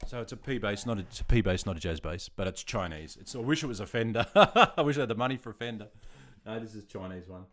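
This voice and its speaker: An easygoing Australian man in his fifties, hosting a casual livestream. His voice sits on the lower side. He chats loosely with his viewers, calls them mate and pokes fun at himself. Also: expressive, fast talker, hardly any pauses, fairly bright tone. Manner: laid-back and chatty, calls viewers mate, self-deprecating. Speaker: livestream host. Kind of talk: casual livestream chat answering viewer comments.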